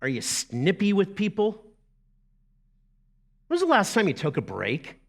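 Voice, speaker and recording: Pastor guy preaching, slow and drawn out, voice swings up and down a lot. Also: high voice, vocal fry. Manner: animated, conversational preaching with asides to the congregation. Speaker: lead pastor. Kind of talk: sermon.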